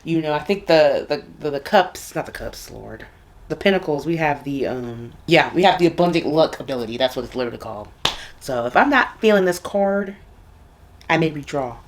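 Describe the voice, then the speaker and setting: A woman co-host talks in a husky morning voice that sits on the low side yet swings widely in pitch. She is playful and teasing and laughs often while chatting about books. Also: lively intonation, normal speed, slight background noise. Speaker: book vlogger, co-host. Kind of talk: casual chat.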